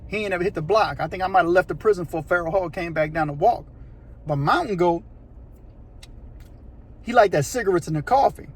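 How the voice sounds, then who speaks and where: A man telling a prison story in a casual, animated, slangy way, acting out voices and sounds. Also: sits high, a little fast, pauses often, husky. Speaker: storyteller recounting prison life.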